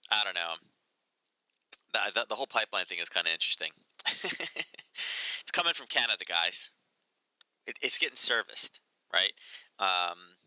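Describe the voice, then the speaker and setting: Chatty sarcastic man with bright voice. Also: on the low side, no echo, rough recording. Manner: chatty, sarcastic, lots of "right?" and "um". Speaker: market analysis host. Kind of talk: casual live market commentary.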